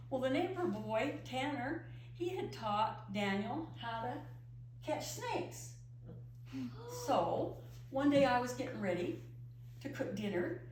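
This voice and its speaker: A middle-aged woman telling a story in first person as a pioneer woman, expressive and emotive. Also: high voice. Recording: echoey room from far off with faint hum.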